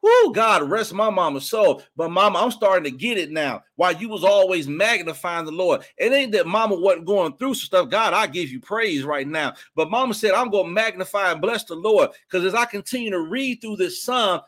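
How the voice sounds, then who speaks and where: A man preaching a fervent sermon, slipping into spoken prayer and breaking into sudden high shouts of praise. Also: lively intonation, moderate pace, hardly any pauses. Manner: colloquial, drops into spoken prayer.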